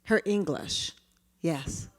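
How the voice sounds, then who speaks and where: Woman, presenter, interactive talk, lower voice, hall echo. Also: extremely slow. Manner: lively, engaging the audience. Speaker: workshop presenter. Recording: hall reverb.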